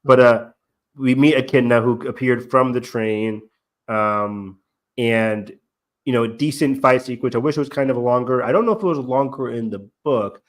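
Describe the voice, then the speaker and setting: A man's voice: mid-range voice, normal speed. A young man co-hosting a casual review chat, rambling with lots of fillers and acting out lines he quotes. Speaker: podcast co-host.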